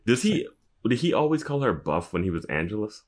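A man's voice: on the low side, very animated, brisk. A man co-hosting a podcast who chimes in with jokey comments during a casual chat. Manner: jokey, chiming in with comments and laughs. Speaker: podcast co-host.

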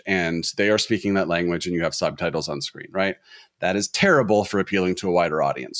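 A man with a lowish voice talks through his ideas in a casual, rambling way, analytical with a wry edge. His voice is recorded close and dry, with no room sound. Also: a bit bright, no echo. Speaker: film podcast co-host. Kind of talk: casual discussion.

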